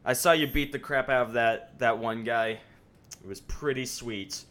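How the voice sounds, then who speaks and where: A young man with a mid-range, slightly bright voice speaks at a moderate pace over slight background noise and faint game music. Live-streaming his gameplay, he jokes and rambles to himself as he plays.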